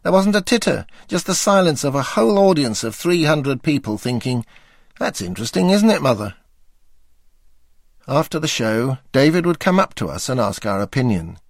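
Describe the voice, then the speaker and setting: A man's voice: mid-range voice, sing-song, brisk, hardly any pauses, no echo. An older man reading his memoir aloud with dry, wry understatement. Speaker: memoir narrator.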